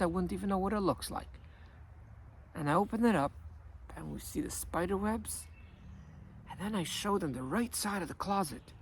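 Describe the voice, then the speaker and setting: A man working as a life coach who tells a story in an animated way and acts out the dialogue. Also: on the high side, creaky, slight background noise. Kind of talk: storytelling monologue.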